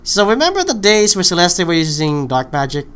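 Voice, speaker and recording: A man's voice: high-pitched, big pitch swings, brisk, a bit bright, clear, resonant tone. Hesitant man hosting a livestream chat. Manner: hesitant, many ums and restarts, asks questions. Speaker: channel host.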